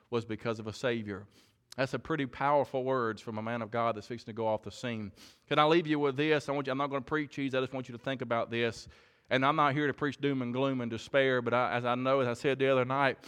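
A man's voice: medium pitch, a bit bright, clean tone. A man preaching a sermon, earnest and often repeating words as he builds a point. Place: church.

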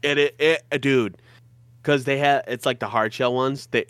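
A man's voice: medium pitch, steady tone, moderate pace, a bit bright, clear, resonant tone, dry recording. Rambling, laughing man with a Michigan accent. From Michigan, USA. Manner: rambling, laughs often while telling stories. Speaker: podcast co-host. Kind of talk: casual chat.

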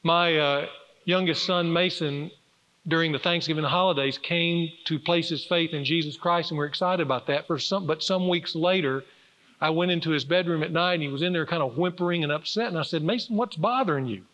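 A man's voice: on the high side, steady tone, fairly quick, a bit bright. Earnest preaching man, echoing sanctuary. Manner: earnest, emphatic preaching with rising and falling force. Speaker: pastor. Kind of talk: sermon. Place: church sanctuary. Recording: dull reverberant church recording.

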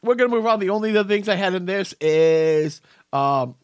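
Fifty-something guy rambling thru a story, kinda high voice, super dry close sound. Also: lively intonation, fairly quick, clear, resonant tone, dry recording. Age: 50s. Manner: rambling storyteller, laughs often. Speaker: podcast host. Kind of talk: casual chat.

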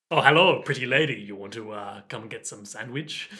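A man putting on a smarmy, flirtatious male cook with a vague English-French accent, halting with "uh". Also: medium pitch, sharp tone, pitched below the performer's own voice, heavily acted.

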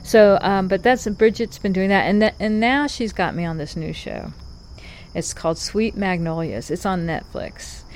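A woman's voice: mid-range voice, normal speed, slight background noise. Chatty woman in her fifties. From North Carolina. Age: 50s. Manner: rambling and chatty, many restarts and asides. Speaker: podcast host. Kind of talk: casual monologue.

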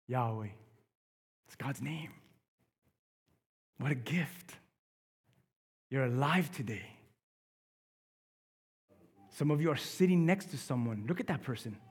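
A male pastor preaching a sermon in a church, dropping to a hush and then rising to loud emphasis. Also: on the high side, slightly rough, in a large hall. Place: church sanctuary.

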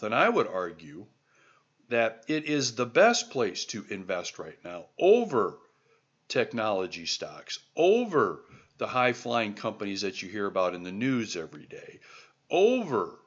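A man from the American heartland hosts a podcast in a pressing, exhorting tone, hammering listeners with rhetorical questions. His voice sits at an ordinary middle pitch. The recording sounds a little dull and lo-fi. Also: fairly bright tone. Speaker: podcast host. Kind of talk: motivational podcast monologue.

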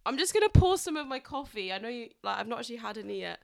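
An English woman hosting a casual podcast, chatty and self-deprecating with quick giggles. Her voice is fairly high and recorded dry and close. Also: big pitch swings, creaky, no room sound. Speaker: podcast host, comedian.

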